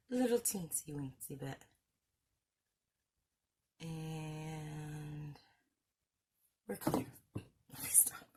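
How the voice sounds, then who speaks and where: Lady doing a craft-along, slow and chatty, bit gravelly, laughs at herself a lot. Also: sits low, a little hiss or hum. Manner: chatty, self-mocking, laughs often. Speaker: craft channel host. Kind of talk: casual craft-along chat.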